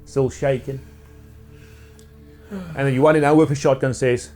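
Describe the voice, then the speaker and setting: A man's voice: medium pitch, fairly even intonation, unhurried, dark tone, faint music behind. A man narrating as game master in a casual, rambling way with many fillers. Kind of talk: narrating a tabletop role-play.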